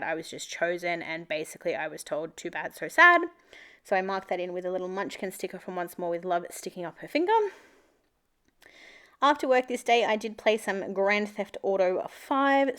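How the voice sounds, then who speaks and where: A young Australian woman talks through her week in an upbeat, rambling way. Her voice sits mid-range for a woman and comes across smooth and clear. It sounds like casual voice-over narration for a vlog. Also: medium pitch. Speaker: planner vlogger.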